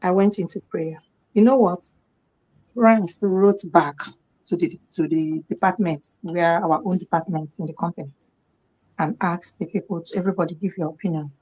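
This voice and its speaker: On a live talk program, a middle-aged woman with a Nigerian accent tells a story from her life in a lowish voice at a slightly slow pace. She acts out others' quoted lines in an animated way.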